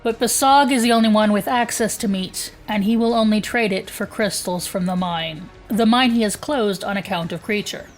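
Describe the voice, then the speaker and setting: A woman's voice: mid-range voice, normal speed, hardly any pauses, soft background music. A woman co-hosting a podcast, chatting casually, laughing often and reading an episode summary. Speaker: podcast co-host.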